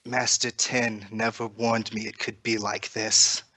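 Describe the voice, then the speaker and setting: A man voicing an exhausted male Jedi, speaking softly and reassuringly through his anguish. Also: lowish voice, level tone, a little slow, dry recording.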